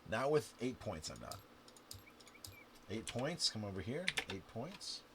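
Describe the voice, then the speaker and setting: Lively man counting dice scores aloud. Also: lowish voice, takes it slowly. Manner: counts scores aloud and talks to the viewer, with sudden loud outbursts. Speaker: game instructor. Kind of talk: playing and explaining a dice game to camera. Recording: steady background noise with clicks and typing.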